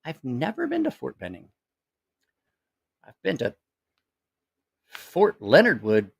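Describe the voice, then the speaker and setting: A middle-aged man talks to his live chat from home, spinning loose anecdotes peppered with profanity and laughter. His pitch swings widely as he tells them, though his voice sits in a middle register. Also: takes it slowly, gravelly, breathy edge. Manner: profane, laughing, animated storyteller. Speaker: livestream host. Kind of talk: casual rambling storytelling to a live chat. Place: at home, family nearby.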